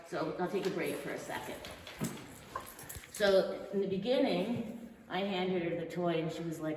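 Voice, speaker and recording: A woman dog trainer running a live demonstration, praising her dog in a bright, upbeat voice between calm explanations. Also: on the low side, moderate pace, long pauses. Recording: echoey hall from a distance, noisy.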